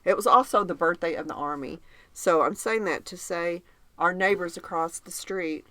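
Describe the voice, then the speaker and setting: In casual podcast chat, a woman co-host tells animated stories and laughs often. Her voice is on the low side, at normal speed, captured in a dry recording.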